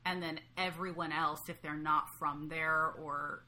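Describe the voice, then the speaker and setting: Woman, podcast co-host, casual book talk, fairly low, bright voice. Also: steady tone, a little slow, slight background noise. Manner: thoughtful, with hesitant restarts.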